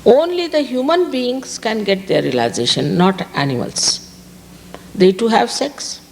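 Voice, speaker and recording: A woman's voice: fairly high pitch, big pitch swings, unhurried, gravelly, a little mellow, in a large hall, slight background noise. A woman from India, giving a spiritual talk to an audience and stressing her points by repeating key words. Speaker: spiritual teacher. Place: outdoor park gathering.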